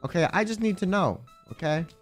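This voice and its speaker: A male live streamer with a bright, high-pitched voice rambles in crude jokes as he chats with his audience. His delivery is loose and casual. Faint background music hums underneath. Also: expressive, brisk.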